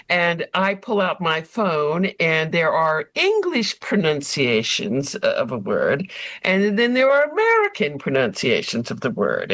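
A woman leading a haiku group, explaining their rules in a lively, rambling way. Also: on the low side, dry recording. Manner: animated, explanatory, restarts often. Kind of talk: casual group interview.

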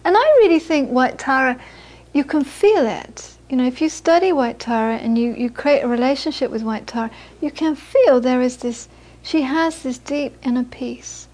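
High-voiced woman teaching Buddhism. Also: moderate pace, few pauses. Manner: lively storytelling, acts out the people she quotes. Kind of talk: dharma talk to a small audience.

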